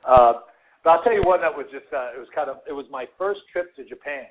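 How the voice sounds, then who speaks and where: A man, a former fighter and radio guest, telling animated stories full of fillers and acted-out quotes. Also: fairly high pitch, fast talker. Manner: animated storyteller, acts out quotes, many fillers. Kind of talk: casual storytelling on a radio show. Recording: tinny phone line with faint hiss.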